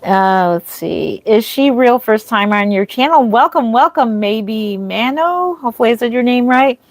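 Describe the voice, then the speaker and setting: A woman's voice: fairly high pitch, expressive, moderate pace, dry recording. A woman streaming live as a reborn doll artist, chatting casually, greeting viewers and answering their comments with frequent ums and restarts.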